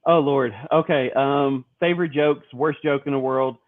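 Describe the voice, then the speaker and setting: A man co-hosting a podcast in casual chat, halting with filler sounds and the odd swear word. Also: mid-range voice, fairly even intonation. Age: adult. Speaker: podcast co-host. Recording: tinny lo-fi phone-like sound.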